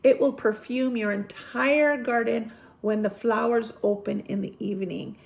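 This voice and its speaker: A woman's voice: fairly high pitch, steady tone, measured pace, vocal fry. A woman from Apulia in Italy, a gardening vlogger, chatting casually through a seed haul, rambling and correcting herself with frequent ums.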